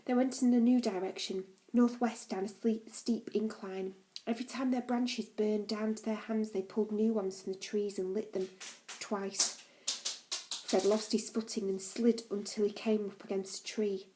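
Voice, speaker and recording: A woman reading a novel aloud in a calm, even storytelling manner. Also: medium pitch, rough recording. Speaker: audiobook reader.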